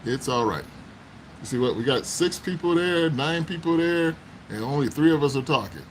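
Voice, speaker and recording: A man's voice: a little high, animated, normal speed, a little hiss or hum, poor audio. A man hosting a casual livestream, chatting with viewers, laughing often and exclaiming as he talks. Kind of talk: casual live chat. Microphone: phone.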